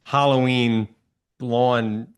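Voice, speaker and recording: A man hosting a podcast, speaking with a Maryland accent. He is a chatty storyteller who tosses in quick asides. His voice sits in a middle register and stays conversational. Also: mid-range voice, fairly even intonation, clean tone. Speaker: podcast host.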